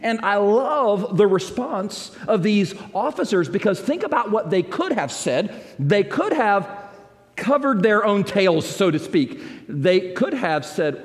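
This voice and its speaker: A man preaching a sermon as pastor, dramatic, moving between loud emphatic lines and hushed ones. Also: sits high, very animated, normal speed, in a large hall.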